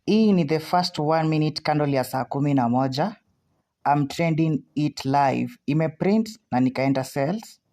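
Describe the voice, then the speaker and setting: Kenyan lady streaming her trades live, low voice, jumpy and repeats herself a lot. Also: normal speed. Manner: anxious, excitable, repeats herself. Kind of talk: live trading commentary.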